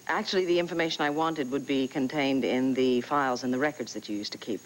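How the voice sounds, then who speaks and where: A woman's voice: very deep voice, fast, slight background noise, rough recording. An actress playing a determined, gracious woman who presses politely for what she needs, in 1980s soap opera style. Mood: earnest. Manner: gracious but insistent. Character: determined, persuasive woman chasing old files.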